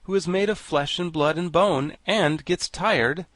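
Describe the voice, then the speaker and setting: A man's voice: on the high side, unhurried, fairly bright tone, no room sound, pitched above the performer's own voice. A man reading an audiobook and voicing a kindly, reflective straw-stuffed scarecrow king who talks in a soothing way. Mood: thoughtful.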